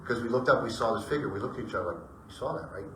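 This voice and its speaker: A middle-aged man spins rambling ghost stories for a group, bringing each remembered exchange to life as he goes. His voice comes across bright and forceful. He is picked up from some distance in an echoey room, with a faint hum of ambience behind him. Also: mid-range voice, very fast. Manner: rambling, animated retelling with acted-out dialogue. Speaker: storyteller. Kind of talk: casual personal ghost story told to a group.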